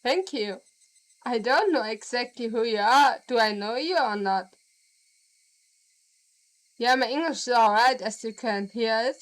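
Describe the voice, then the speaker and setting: Slow-reading German-accented woman streamer. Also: a little high, expressive, rough recording. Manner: slow, deliberate reading with laughs and asides to chat. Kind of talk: reading a visual novel aloud on stream.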